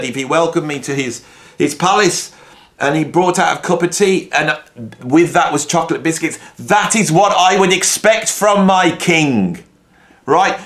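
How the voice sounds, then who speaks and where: Middle-aged male host, casual rant, mock-outraged and wry, a touch high. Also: a bit bright. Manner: mock-indignant, rambling, dry humor. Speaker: video host. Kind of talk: casual ranking monologue.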